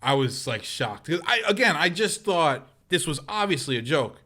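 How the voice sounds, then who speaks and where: A man tells a story on a casual podcast. He is animated, slips into voices for the people he quotes, and breaks into laughter often. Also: a little high, moderate pace. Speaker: podcast co-host.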